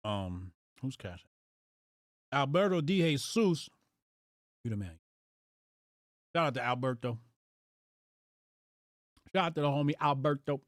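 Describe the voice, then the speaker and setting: A man's voice: mid-range voice, animated, a little slow, pauses often, dry recording, clean studio sound. A man hosting a casual live stream, reacting aloud to headlines in loose slang. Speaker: livestream host.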